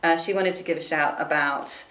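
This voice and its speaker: Woman, low voice, relaxed host, echoey room. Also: moderate pace. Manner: relaxed, reads out event listings. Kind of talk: casual chat.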